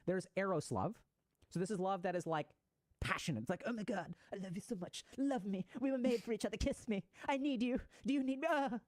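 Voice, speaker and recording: A man's voice: a little high, darkish tone, dry recording. A man giving a conversational lecture on psychology, explaining ideas and acting out short example voices.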